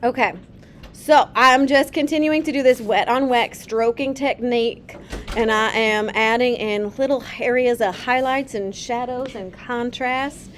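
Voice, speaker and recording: A woman art teacher giving a chatty, gentle painting demonstration in a classroom. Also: on the high side, a little slow, a little hiss or hum.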